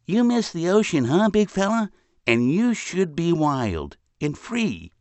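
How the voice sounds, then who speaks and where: A man voicing a small, earnest baby brother pig in a storybook reading, speaking softly and coaxingly. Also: fairly high pitch, sing-song, a little slow, no room sound, pitched above the performer's own voice.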